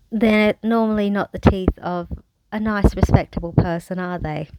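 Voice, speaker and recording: A woman's voice: mid-range voice, steady tone, moderate pace, warm tone, clean tone, poor audio. An Australian woman telling her own story to camera in a frank, wry manner, with bursts of sarcasm. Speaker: vlogger. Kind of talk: candid personal storytelling.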